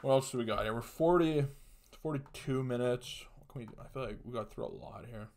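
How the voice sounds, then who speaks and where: A man's voice: mid-range voice, a little fast, a little mellow. A young man hosting a podcast, ranting alone with crude, profane jokes and laughing at his own punchlines. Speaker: podcast host. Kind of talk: solo comedic rant.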